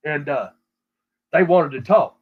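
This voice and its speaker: Dull, lo-fi audio captures a middle-aged Texan-accented man from South Texas speaking at a measured pace with a voice on the high side. He rambles through a profane story full of restarts, casual podcast-style.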